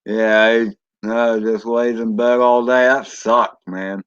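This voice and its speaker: Rambling drone streamer guy, unhurried, muffled lo-fi audio. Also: medium pitch, flat delivery, clean tone. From Florida. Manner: rambling, chatty, reads chat aloud. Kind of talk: casual live-stream chat.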